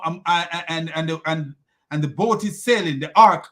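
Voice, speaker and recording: A man's voice: on the high side, normal speed, a bit bright. A man hosting a critical commentary, talking in a mocking tone, laughing often and restarting his sentences. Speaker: host.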